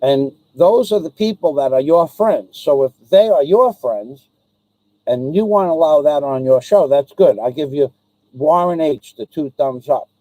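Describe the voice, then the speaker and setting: A man hosting his own live stream talks straight to a viewer, aggrieved and repetitive, stopping often on ums and restarts. His voice sits a bit high yet sounds mellow. The recording is close and dry, with no room echo. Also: lively intonation, a little slow. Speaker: livestream host.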